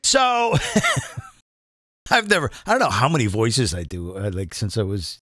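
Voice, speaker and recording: Lively, bright-voiced middle-aged male comedian. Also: medium pitch, no echo, studio quality. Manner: chatty, self-mocking, with quick asides and laughs. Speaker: comedian and impressionist hosting a live show. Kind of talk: casual rambling monologue.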